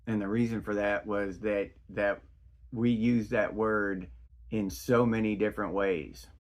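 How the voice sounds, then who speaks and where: A man's voice: on the low side, fairly even intonation, unhurried. A middle-aged man hosting his own podcast, talking in a casual, rambling monologue full of restarts. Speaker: podcast host.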